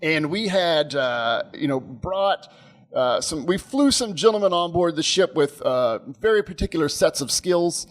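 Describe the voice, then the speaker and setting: Male co-host, 30s, higher-pitched, rambling and laugh-prone storyteller. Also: measured pace. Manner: animated, rambling, laughs often. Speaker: podcast co-host. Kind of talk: casual storytelling chat.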